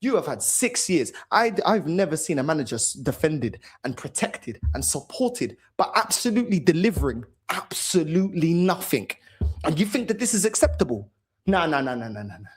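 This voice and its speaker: A man's voice: fairly high pitch, sing-song, normal speed, husky. A man hosting a fan channel, ranting furiously about his team, swearing and repeating himself. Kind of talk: angry fan rant to camera.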